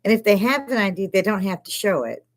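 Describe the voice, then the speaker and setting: A woman's voice: mid-range voice, expressive, fast. An older woman hosting a casual livestream from her bar, swearing freely and breaking into laughs often. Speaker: livestream host.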